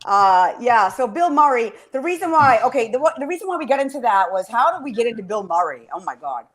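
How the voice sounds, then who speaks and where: Woman podcast host, casual rambler, fairly high-pitched, curses often, wears her heart on her sleeve. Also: sing-song, a little fast. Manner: chatty, swears freely, gets emotional telling stories. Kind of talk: casual chat.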